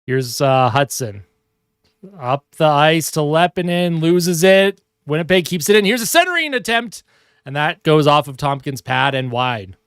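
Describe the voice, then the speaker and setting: Young man, fan play-by-play, slightly high voice, dry close sound, excitable chatty calls. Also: unhurried, smooth, no room sound. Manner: excitable calls that break off to coo at his cat. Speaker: fan streamer doing live play-by-play. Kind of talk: casual live play-by-play commentary. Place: home room at his monitor.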